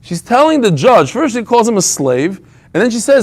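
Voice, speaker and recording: Animated joking man teaching Talmud. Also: sits high. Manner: lively, joking, quick asides. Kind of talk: daily Talmud class.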